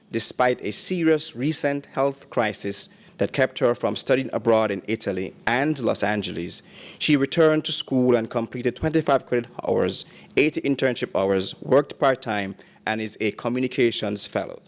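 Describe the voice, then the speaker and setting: Male ceremony announcer, mid-range voice, measured formal reading of graduate tributes. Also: mid-range voice.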